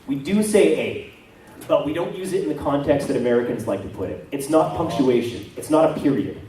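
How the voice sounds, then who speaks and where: A man's voice: mid-range voice, animated, a little fast, mellow, a little hiss or hum. A Canadian man, a voice actor, talking casually and self-deprecatingly at a convention panel. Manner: chatty, self-deprecating, rambling with many asides. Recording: echoey hall, from far off.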